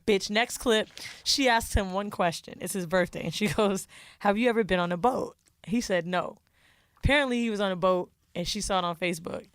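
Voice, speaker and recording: This young podcast co-host recaps a reality show in a relaxed, lively way, cursing a lot and performing the quoted bits. She speaks slightly quickly in a mid-range voice. The sound is dry and studio-clean.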